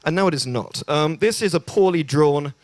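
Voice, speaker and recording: A man's voice: a little high, normal speed, no room sound. Young english guy doing standup at an open mic, awkward self-deprecating, lots of ums, dry close sound. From England. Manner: hesitant and self-deprecating, many ums and restarts. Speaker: stand-up comedian. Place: small bar venue.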